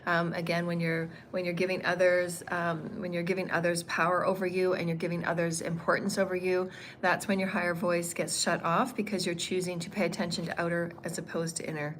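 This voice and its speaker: A woman's voice: on the low side, level tone, brisk, a little hiss or hum. A woman teaching a spiritual lesson on a livestream, meandering and repeating phrases, with frequent ums and uhs.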